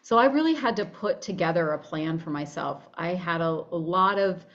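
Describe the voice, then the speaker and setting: Woman coach chatting in an interview, animated, acts out her inner voice, kinda dull lo-fi audio. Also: on the low side, moderate pace. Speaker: guest, body-image coach. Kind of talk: conversational interview.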